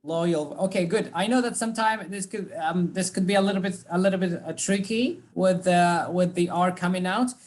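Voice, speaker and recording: A man's voice: sits high, steady tone. Brief: male language tutor, upbeat, patient, repeats words syllable by syllable. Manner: encouraging, drills words slowly syllable by syllable. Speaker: English teacher. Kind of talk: online class feedback.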